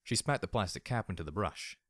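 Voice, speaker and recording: Deep-voiced man reading fiction. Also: expressive, brisk, a bit bright, no echo, studio quality. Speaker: audiobook reader. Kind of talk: audiobook narration of fan fiction.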